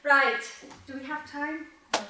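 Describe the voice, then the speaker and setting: High-voiced manchester lady teaching english, far off in a big echoey room. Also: measured pace. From England. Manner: lively, joking, quizzes students by name. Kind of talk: classroom lecture with questions to students. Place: university lecture room. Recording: echoey lecture hall, voice from a distance, faint noise.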